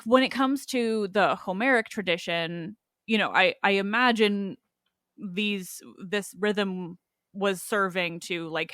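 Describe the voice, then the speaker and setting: A woman's voice: on the low side, fairly bright tone, no echo, studio quality. A young woman hosting a podcast, asking questions casually with lots of fillers and backchannels. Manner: asks questions with many fillers, backchannels often. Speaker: podcast host. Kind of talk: casual interview chat.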